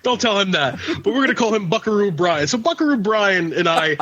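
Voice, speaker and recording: A man's voice: high-pitched, expressive, a little fast, fairly bright tone, muffled recording. A man co-hosting a podcast in casual chat, rambling and swearing, with many restarts. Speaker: podcast co-host.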